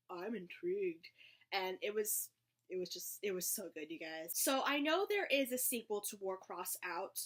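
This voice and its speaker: Young woman vlogging about books, excited rambling, lots of restarts and little laughs. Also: medium pitch. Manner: gushing, rambling with restarts and giggles. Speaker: book vlogger. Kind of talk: casual chat, book review.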